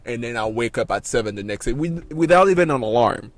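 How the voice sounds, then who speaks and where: A man's voice: mid-range voice, lively intonation, a little fast. A man telling a story in a casual podcast chat, rambling and restarting as he goes, swearing freely and laughing at himself. His middling voice sits in a dry, close-sounding space with almost no room echo. He talks loosely and unpolished. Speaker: podcast co-host.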